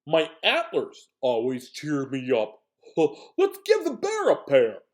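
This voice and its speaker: A man voicing a male moose in a storybook reading, loud and whiny. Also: on the high side, wildly swooping pitch, slow pace, full character voice. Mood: complaining.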